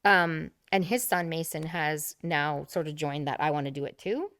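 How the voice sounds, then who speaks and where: Low, gravelly chatty woman. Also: moderate pace, a bit bright. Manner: chatty, laughs often, trails off. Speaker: podcast co-host. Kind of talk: casual chat.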